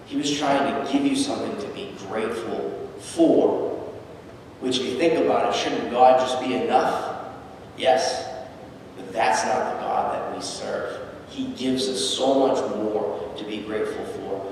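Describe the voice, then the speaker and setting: A man preaching a sermon in a loose, conversational storytelling manner. He is recorded from well off the mic in a big church sanctuary, with long reverb and a faint low hum behind him. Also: darkish tone. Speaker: pastor. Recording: echoey church hall, distant mic.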